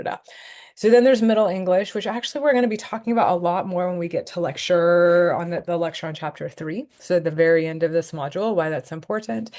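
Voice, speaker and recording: A woman giving an online lecture on a webcam, chatty and self-deprecating, thinking out loud with fillers. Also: deep voice. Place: home, in front of a webcam. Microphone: webcam on a video call.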